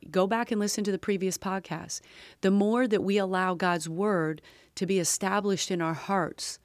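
A woman hosting a Christian podcast, teaching in a relaxed, unscripted way, full of fillers and restarts as she reads verses aloud. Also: lowish voice, dry recording, clean studio sound. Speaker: podcast host teaching the Bible. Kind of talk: conversational devotional teaching.

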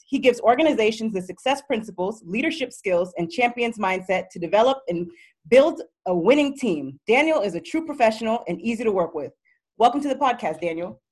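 A woman hosting a podcast, reading a prepared introduction briskly and then interviewing her guest. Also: mid-range voice. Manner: brisk, reads from a prepared script. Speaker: podcast host.

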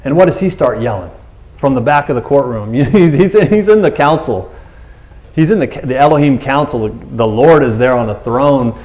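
A man's voice: mid-range voice, normal speed. A male pastor preaching a sermon in a casual, conversational way. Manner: animated, conversational, acts out characters.

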